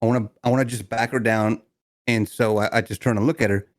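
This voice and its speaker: A man co-hosting a podcast, telling a family story in casual chat with lots of laughter and animated retellings. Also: fast. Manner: animated, mimics people in high voices, laughs often. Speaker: podcast co-host.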